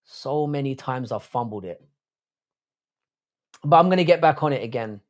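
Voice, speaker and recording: A man's voice: mid-range voice, expressive, normal speed. A man hosting a casual livestream chat, rambling and swearing, often restarting his sentences. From Ireland. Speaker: podcast host.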